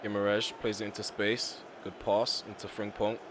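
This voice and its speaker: A young man talks over his football video game in a slightly low voice. He rants bluntly and swears mildly at his players. His voice sounds hoarse and worn. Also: flat delivery, normal speed, noisy background. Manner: frustrated, ranting, blunt with mild swearing. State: voice getting hoarse. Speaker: gaming YouTuber. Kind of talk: live gameplay commentary.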